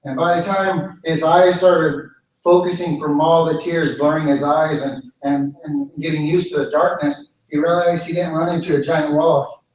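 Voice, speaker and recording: A man tells a traditional story aloud, unhurried and circling back on his phrases, in a slightly raised voice. He is picked up from a distance in a reverberant space. The sound is dull and lo-fi. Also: fairly high pitch, little pitch movement, darkish tone. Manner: unhurried, repetitive, with many restarts. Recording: echoey, distant, lo-fi hall recording.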